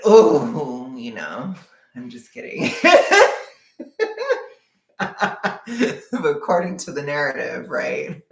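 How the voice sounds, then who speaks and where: A low-pitched woman from Southern California, with a Californian accent, chats casually with viewers on a livestream. She takes it slowly, with big pitch swings and long pauses, rambling, saying "like" constantly, and laughing often. The sound is roomy.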